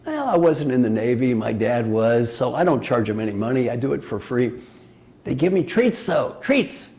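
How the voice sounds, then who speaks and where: A man's voice: medium pitch, sing-song, fairly quick, mellow. An older man giving a motivational talk as an executive coach, playful and emphatic, firing off rhetorical questions.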